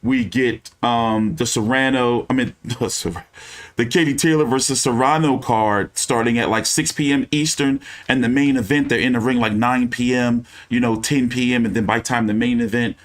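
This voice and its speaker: A man's voice: mid-range voice, steady tone, moderate pace. A man hosting a casual boxing news live stream, with a loose, profane, ranting delivery full of fillers.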